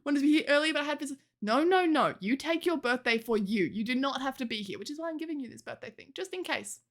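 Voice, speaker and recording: Lively, chatty woman livestreamer. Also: sits high, fast talker. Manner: chatty, laughs often, swears casually, reads chat aloud. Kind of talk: casual chat with live viewers.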